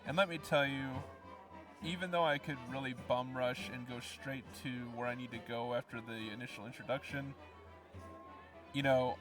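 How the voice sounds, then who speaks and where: A man's voice: mid-range voice, fairly bright tone, recorded from a distance. A young man from the US Midwest giving casual let's play commentary, explaining as he goes with plenty of ums. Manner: rambling, explanatory, lots of ums.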